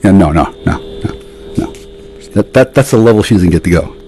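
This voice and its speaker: A man in a rambling, profane monologue, sarcastic and ranting, with sudden jumps up in pitch. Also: expressive, brisk, mellow, slight background noise, low-quality recording.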